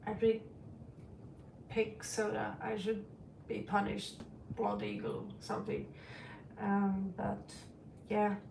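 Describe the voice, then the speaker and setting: A middle-aged woman reads tarot and chats casually on a livestream, rambling and frank and calling her listeners sweetie. Her mid-range voice is gravelly with little pitch movement, and she speaks slowly with frequent pauses. She's away from the mic in a roomy, echoing space with noise behind her.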